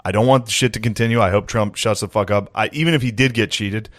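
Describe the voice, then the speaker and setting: Male podcast co-host, 30s, low voice, deadpan and offhand delivery, dry close-mic sound. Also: quick pace, dry recording. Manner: deadpan, offhand, swears a lot. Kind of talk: crude comedic banter.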